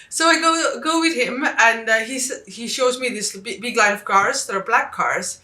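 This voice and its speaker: A woman from Estonia, telling travel stories in a casual vlog and acting out the dialogue with lively jumps in pitch. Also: moderate pace, hardly any pauses, reverberant. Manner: animated, acts out quoted dialogue with big pitch jumps. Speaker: vlogger.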